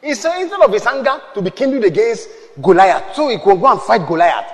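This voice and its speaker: A male pastor delivers an emphatic sermon. His voice sits high, and he punches key lines up to a shout. He calls out to the congregation to repeat after him, and a long reverb trails each phrase. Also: sing-song, a little fast. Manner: emphatic preaching, shouted peaks, call-and-response.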